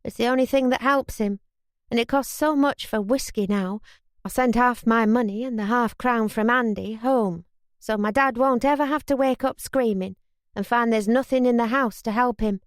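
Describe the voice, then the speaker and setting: A woman's voice: on the high side, moderate pace, dry recording, clean studio sound, lightly acted. A woman voicing an earnest young city woman who pleads her case.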